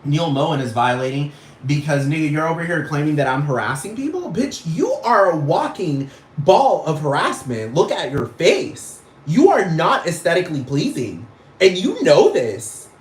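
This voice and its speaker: A man's voice: on the high side, echoey room. A man ranting casually to camera in a vlog, swearing and emphatic, full of slang. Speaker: vlogger.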